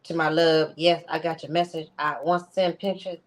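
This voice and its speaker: A woman voicing a man who mumbles his loose love texts in a flat way. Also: deep voice, normal speed, close to an everyday voice, poor audio.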